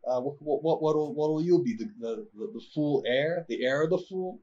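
A man's voice: a little high, normal speed, dark tone, muffled recording, pitched above the performer's own voice, lightly acted. A man voicing a drunk, mocking male ninja officer who stammers and sneers.

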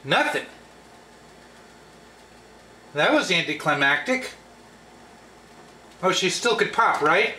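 A man's voice: high voice, animated, unhurried, pushed and bright, slight background noise. A man hosting a home cookware test vlog, who talks playfully to the pan as if it were a person. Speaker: channel host.

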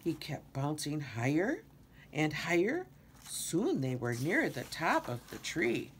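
An older woman reads a children's picture book aloud at an unhurried pace. Her pitch swings widely as she tells the story. Faint background noise sits under her voice. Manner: slow, expressive reading with many character voices. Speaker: storybook reader.

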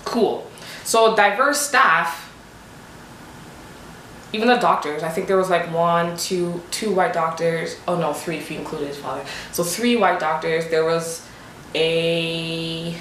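A woman's voice: lowish voice, takes it slowly, a little hiss or hum. Young woman ranting through a storytime, emphatic, lots of "like, what?", echoey room. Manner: animated, emphatic, full of rhetorical questions. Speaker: vlogger. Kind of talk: storytime vlog. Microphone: desk USB microphone. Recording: roomy echo.

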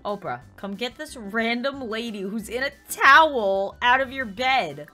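A young woman giving excitable Let's Play commentary, shrieking when surprised. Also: on the high side, unhurried, hardly any pauses, faint music behind. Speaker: gaming YouTuber.

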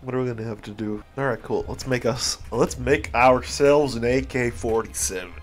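A man's voice: mid-range voice, moderate pace. A man giving casual, rambling commentary on a strategy game he is playing, swearing and laughing often. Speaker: video game streamer. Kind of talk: casual let's-play commentary.

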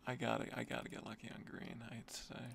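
A man's voice: mid-range voice, level tone, quick pace, gravelly, noisy background. A man streaming an online gambling session, swearing and muttering in exasperation at his losses. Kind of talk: casual gambling commentary.

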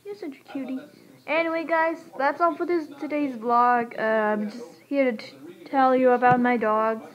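A woman's voice: high-pitched, fairly even intonation, normal speed, muffled recording. A woman vlogging in a casual, rambling way, cooing baby talk at her dogs between chatty asides. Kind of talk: casual chat to camera.

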